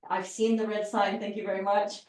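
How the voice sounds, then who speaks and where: A woman's voice: medium pitch, little pitch movement, fairly quick, a little mellow. A woman giving an encouraging live evaluation of a speech at a public speaking club, demonstrating vocal emphasis. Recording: echoey room, distant mic.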